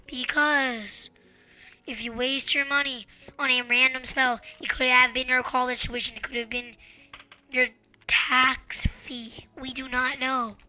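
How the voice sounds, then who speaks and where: A woman hosting her own channel, giving casual advice in an earnest, pleading, repetitive way and sometimes dropping into soft whispers. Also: high-pitched, level tone, unhurried, faint music behind. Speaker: channel host.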